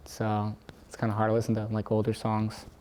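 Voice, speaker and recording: A teenage boy answering interview questions for his school yearbook, relaxed and hesitant, with many fillers and restarts. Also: on the low side, a little fast. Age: teens. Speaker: student interviewee.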